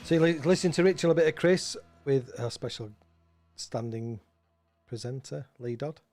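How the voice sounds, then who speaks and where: A man's voice: mid-range voice, normal speed, a little mellow, faint music behind. A man presenting local radio, chatting casually and rambling, often repeating and restarting his words.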